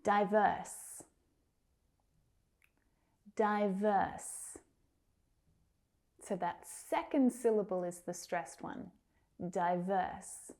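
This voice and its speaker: A woman teaching English pronunciation, saying words slowly and clearly, drilling each one several times with careful articulation. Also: medium pitch, darkish tone. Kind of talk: slow, deliberate pronunciation lesson.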